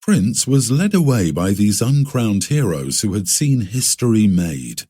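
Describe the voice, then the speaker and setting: A man narrating a classic story for an audiobook in a measured literary reading. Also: on the low side, a little mellow, slightly rough, no echo, clean studio sound.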